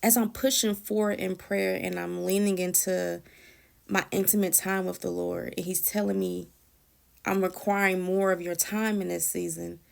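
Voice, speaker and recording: A woman's voice: lowish voice, level tone, moderate pace, vocal fry. A woman sharing a personal prayer testimony in an earnest, emotional, conversational way, often repeating and restarting phrases.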